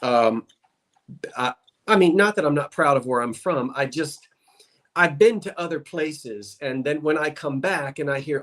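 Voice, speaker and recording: Man, South Jersey accent, somewhat high voice, chatty and rambling, video call. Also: normal speed, a bit bright. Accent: South Jersey Delaware Valley. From South Jersey, USA. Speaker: guest on livestream. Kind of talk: casual livestream chat.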